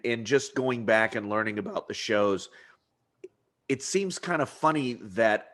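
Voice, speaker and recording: A man's voice: medium pitch, a bit bright. A man hosting a podcast interview in casual chat, rambling with lots of restarts and frequent laughter. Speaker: podcast host.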